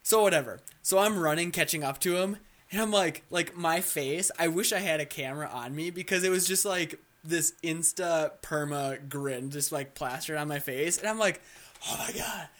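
An excitable young man tells gaming stories on a casual chat show. His voice sits a bit high, and he keeps restarting sentences and swearing as he gets carried away. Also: moderate pace. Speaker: co-host.

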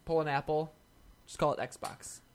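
A man co-hosting a podcast, talking tech news in a relaxed, wry way with quick asides. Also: a little high. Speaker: podcast co-host. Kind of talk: casual tech chat.

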